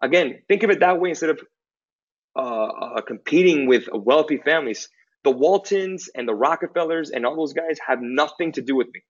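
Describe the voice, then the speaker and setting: A man's voice: fairly high pitch, animated, normal speed, dull audio. A man hosting a webinar, answering a viewer's question with an emphatic motivational talk and repeating lines for stress.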